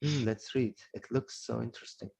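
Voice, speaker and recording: A man's voice: medium pitch, moderate pace, creaky, darkish tone, slightly rough. A man with an Uzbek accent teaching an English grammar lesson, explaining step by step and repeating each example before translating it into Uzbek.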